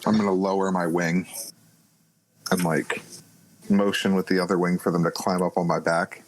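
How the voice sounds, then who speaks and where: Male tabletop player, lower voice, cocky and crude. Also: little pitch movement, normal speed, rough recording. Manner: brash, swearing, joking. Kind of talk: casual tabletop play.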